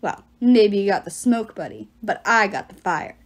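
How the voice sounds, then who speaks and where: A woman voicing a cocky teenage boy demigod with loud, growling bravado. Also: mid-range voice, animated, moderate pace, slightly rough.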